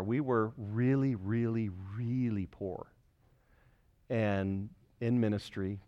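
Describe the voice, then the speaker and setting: A middle-aged male pastor preaching a sermon to a congregation, telling a self-mocking personal story and growing loud and animated when he gets excited. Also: medium pitch. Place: church before a congregation.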